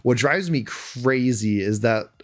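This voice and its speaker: A man's voice: medium pitch, lively intonation, slow pace, soft background music. A man with a Canadian accent, chatting casually on a live stream and answering viewers' questions aloud. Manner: chatty, answers chat questions aloud between game moments.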